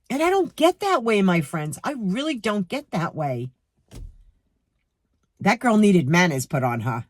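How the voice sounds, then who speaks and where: A middle-aged woman with a New York accent ranting to her viewers about a rude cashier, heated and animated, speaking to them directly. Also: mid-range voice. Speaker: vlogger. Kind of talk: storytime rant to camera.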